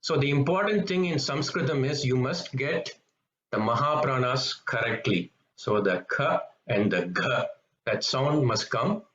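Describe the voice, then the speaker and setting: Guy teaching sounds, patient, repeats stuff slowly, roomy dull-ish audio. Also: medium pitch, fairly bright tone, a little hiss or hum. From Tamil-speaking background, South India. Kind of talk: explanatory lesson on pronunciation. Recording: echoey, slightly dull room recording.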